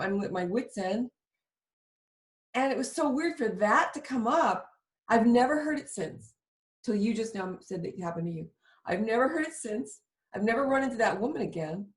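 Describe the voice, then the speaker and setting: Woman host spilling a personal story, lots of feeling, roomy echo on the mic. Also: mid-range voice. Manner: emotional, vivid confessional storytelling. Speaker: show host. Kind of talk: candid storytelling chat.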